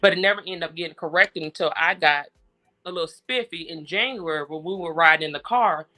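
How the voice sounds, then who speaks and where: Bright-voiced tired woman recounting events. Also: fairly low pitch, brisk. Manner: steady retelling, repeating exchanges. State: worn out, frustrated. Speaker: interview guest, grieving mother. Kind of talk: personal account in conversation.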